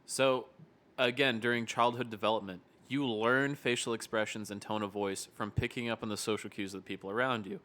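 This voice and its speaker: A man's voice: fairly low pitch, fairly even intonation, brisk, sharp tone. A man co-hosting a casual podcast as a behavioral therapist, explaining things plainly and laughing easily.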